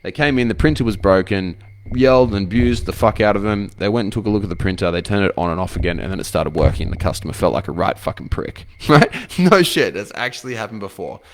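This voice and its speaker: A man's voice: on the low side, expressive, fast. A man coaching other men with blunt, profane advice, firing off rhetorical questions. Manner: blunt, swears freely, asks rhetorical questions. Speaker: men's coach. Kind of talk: motivational advice talk to camera.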